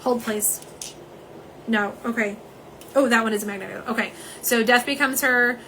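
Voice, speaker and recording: A woman, chatting casually and warmly through a nail polish livestream at home, with lots of "um"s. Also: a little high, steady tone, moderate pace, slight background noise, rough recording. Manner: chatty, many "um"s, says "y'all".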